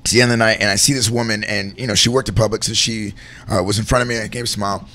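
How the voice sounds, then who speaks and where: Man, earnest storyteller, bright forceful tone, rambles with lots of "like" and "man". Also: lowish voice, steady tone, racing. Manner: earnest, rambling, heartfelt, says "man" and "like" a lot. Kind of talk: candid storytelling in conversation.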